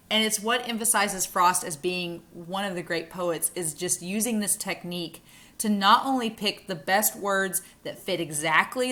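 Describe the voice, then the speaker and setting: A woman teaching a recorded college English lecture, upbeat and explanatory, slowing down to read verse aloud. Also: mid-range voice, sharp tone.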